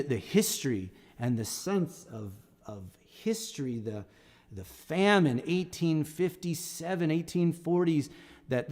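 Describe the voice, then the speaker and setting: Man, middle-aged, singer-songwriter, rambling storyteller, mid-pitched voice, long reverb. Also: darkish tone. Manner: rambling, with many restarts and fillers. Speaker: singer-songwriter hosting a live stream. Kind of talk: casual spoken storytelling between songs.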